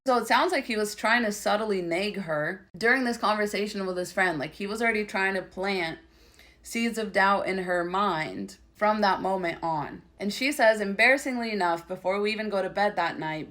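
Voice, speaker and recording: A woman's voice: mid-range voice, a bit bright. A woman giving emphatic, opinionated commentary on a reality show, reading out quotes and reacting to them. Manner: reads quotes aloud, then opinionated and emphatic. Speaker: commentary creator.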